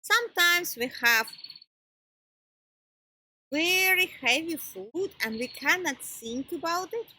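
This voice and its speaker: A woman giving an informal wellness lesson in non-native English phrasing, often pausing to search for words. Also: extremely high pitch, expressive, sharp tone, poor audio. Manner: halting, pauses to search for words. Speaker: wellness teacher. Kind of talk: informal teaching talk.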